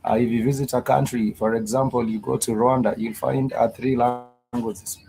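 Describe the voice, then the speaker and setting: A man's voice: medium pitch, level tone, moderate pace, gravelly, dark tone, a little hiss or hum, rough recording. A man teaching a live-streamed language lesson, patiently repeating words and breaking them into syllables. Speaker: Swahili teacher.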